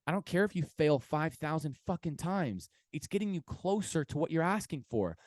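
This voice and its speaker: A man hosting his own podcast, talking casually and rambling with many fillers, swearing and bursting into excited pep talk. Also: fairly high pitch, moderate pace, no room sound, studio quality. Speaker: podcast host.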